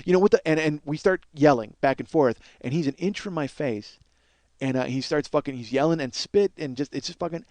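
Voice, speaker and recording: A middle-aged man spins a long, profane tale on his own podcast and acts out each person's lines. His voice sits a little high. The recording is dry and close, with no room sound. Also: a little fast, no echo. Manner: animated, profane, acts out quotes. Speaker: podcast host. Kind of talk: storytelling monologue.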